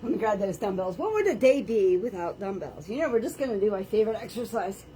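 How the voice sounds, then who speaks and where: Very animated and fast, this fitness instructor's medium-pitched, dark voice carries a bit of hiss or hum. She's at home on a floor mat, leading a live workout for a camera on the floor, talking viewers through planks and stretches, counting reps, and joking about herself.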